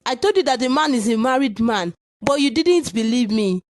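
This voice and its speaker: A woman's voice: on the high side, lively intonation, normal speed, no echo, lightly acted. A woman voicing a blunt young friend in a cartoon who scolds sharply. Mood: scolding. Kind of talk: cartoon voice acting.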